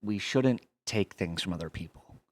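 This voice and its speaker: A fatherly adventurer voiced by a man who reassures gently in a halting delivery full of fillers. The voice is very deep. The sound is dry and close. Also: no echo. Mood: gentle. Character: patient, fatherly male adventurer.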